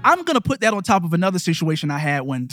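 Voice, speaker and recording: A man's voice: high-pitched, very fast, loud music behind the voice. A man in casual conversation, telling a story and acting out the quotes of the people in it. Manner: animated storyteller who acts out quotes.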